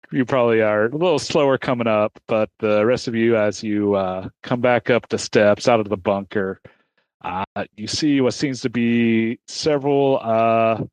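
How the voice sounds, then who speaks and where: A man narrating a tabletop game as game master, halting with many fillers. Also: mid-range voice, dry recording.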